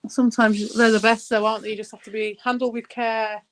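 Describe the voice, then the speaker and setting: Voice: mid-range voice, flat delivery, brisk, low-quality recording. A speaker, rambling and swearing freely while chatting casually online as a co-host. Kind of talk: casual chat.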